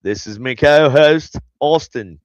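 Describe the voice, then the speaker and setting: A man's voice: mid-range voice, slow, no echo, lo-fi sound. A man hosting a paranormal podcast, chatting casually and rambling with many fillers and restarts. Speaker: podcast host. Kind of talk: casual chat.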